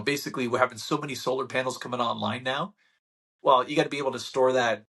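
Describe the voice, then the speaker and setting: Husky man, channel host, fired-up sarcastic market update. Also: medium pitch. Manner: animated ranting, sarcastic mock quotes. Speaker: real estate channel host. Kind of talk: casual market-update talk to camera.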